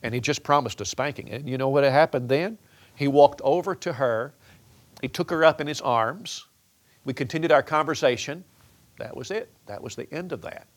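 A man's voice: mid-range voice, normal speed. A middle-aged man preaching a sermon-style talk on raising children, earnest, often repeating words as he restarts his sentences. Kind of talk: sermon-style teaching on parenting.

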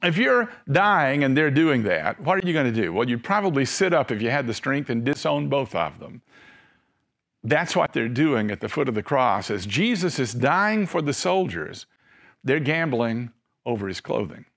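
A middle-aged male preacher delivering a sermon, telling stories and slowing down and softening at emotional moments. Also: medium pitch, very animated. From Tennessee.

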